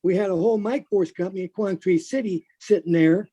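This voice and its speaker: A man's voice: sits high, brisk, warm tone, low-quality recording. A man in his seventies, a veteran recalling a battle bluntly and swearing freely. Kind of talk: unscripted recollection.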